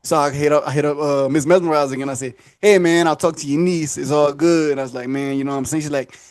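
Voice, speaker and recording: A man's voice: fairly high pitch, fairly even intonation, fast, a little mellow, no echo. A man telling a long story casually on a podcast, acting out the voices and laughing often.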